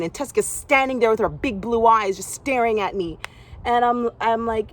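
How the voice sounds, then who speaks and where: Animated young woman telling a story. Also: moderate pace. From Canada. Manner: animated, acts out other people's lines in a higher voice. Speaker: former gymnast telling her story. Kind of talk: personal storytelling vlog.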